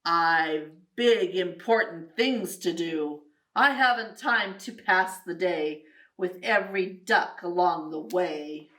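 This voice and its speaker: A woman voicing a big, self-important male dump truck in a children's storybook reading, speaking lower and gruffer than her narration. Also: slow pace, fairly bright tone, distant mic. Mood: boastful.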